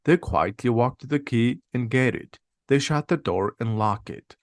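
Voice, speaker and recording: A man narrating a simplified audiobook in a slow, plain, steady reading. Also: mid-range voice, no room sound, studio quality. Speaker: reader.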